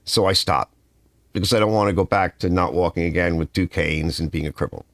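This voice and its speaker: An older man hosting a live stream from his garage, chatting casually and telling rambling, animated stories. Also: low voice, fairly quick, dry recording, studio quality. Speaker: livestream host. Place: home garage.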